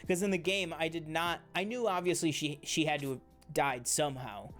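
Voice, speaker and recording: A man's voice: a little high, a little fast, fairly bright tone, soft background music. A man co-hosting a casual TV review chat, enthusiastic and rambling, with many fillers and restarts. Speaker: co-host of a TV review show.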